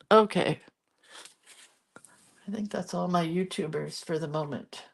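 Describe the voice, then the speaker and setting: Slow-talking woman hosting a craft livestream. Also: on the low side, vocal fry, husky. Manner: chatty, greets viewers by name. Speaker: art livestream host. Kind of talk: casual live craft chat. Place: home craft room.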